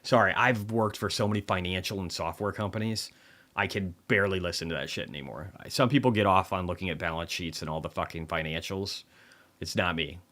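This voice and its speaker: A man's voice: sits low, fairly quick, a bit bright. A man hosting a casual livestream market commentary, talking bluntly with plenty of swearing and dry sarcasm, rambling through asides and restarts. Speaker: livestream host reviewing markets.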